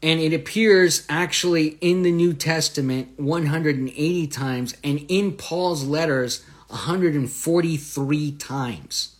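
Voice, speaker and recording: A man's voice: slow, hardly any pauses. A man hosting a Bible study, teaching in an earnest, conversational way, posing rhetorical questions and lifting his voice on scripture phrases. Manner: swells louder and higher on scripture phrases.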